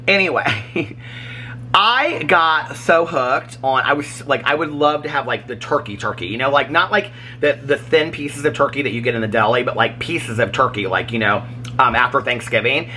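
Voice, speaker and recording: A man vlogging in his home kitchen, chatting in a rambling, animated way and laughing often. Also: mid-range voice, normal speed, a little hiss or hum. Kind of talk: casual chat.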